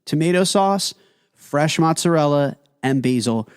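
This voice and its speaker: A man's voice: on the high side, animated, a little slow, clean tone, dry recording, studio quality. A man co-hosting a food podcast, telling stories with emphatic enthusiasm. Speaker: podcast co-host. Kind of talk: casual food podcast chat.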